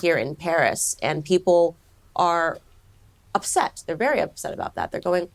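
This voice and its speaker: A woman's voice: lowish voice, lively intonation, moderate pace. A woman political commentator speaking straight to camera in a pointed, sarcastic way.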